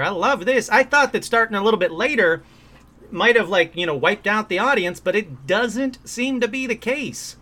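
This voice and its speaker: A man's voice: sits high, sharp tone. A man hosting a live paranormal call-in show from a room at home. He chats casually and upbeat, with plenty of ums and uhs. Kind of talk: casual live-stream chat.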